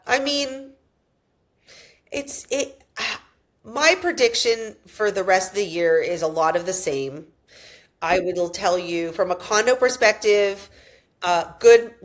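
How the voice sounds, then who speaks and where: A woman hosting a casual podcast chat, telling animated stories and wandering into tangents. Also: mid-range voice, takes it slowly. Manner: animated storyteller, goes off on tangents, acts out quotes. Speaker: realtor and podcast host.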